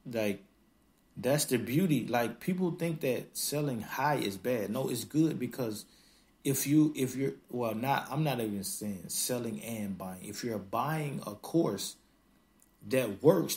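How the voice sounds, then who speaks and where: A man hosting a podcast in a casual monologue, blunt and emphatic, laughing often and acting out others in quick mocking asides. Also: mid-range voice, expressive, darkish tone. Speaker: podcast host.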